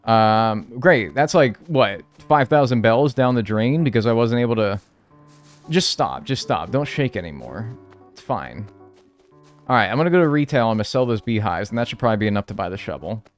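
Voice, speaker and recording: While streaming a game live, a man animatedly chats and banters with his viewers, swearing freely as he plays. His voice is on the low side at a moderate pace, with faint music behind him.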